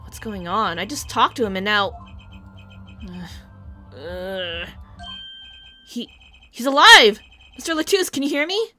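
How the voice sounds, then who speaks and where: A woman voicing an earnest young male lawyer, reading his lines loudly and urgently, stammering when shocked. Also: a little high, sing-song, measured pace, long pauses, faint music behind, heavily acted. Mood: alarmed. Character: young male defense attorney, earnest and jumpy.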